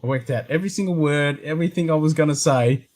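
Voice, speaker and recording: A man's voice: a little high, quick pace, a little mellow. An Australian man hosting a live whisky chat, telling stories in a blunt, sweary way with frequent laughs. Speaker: host of a whisky show. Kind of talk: casual chat on a live stream.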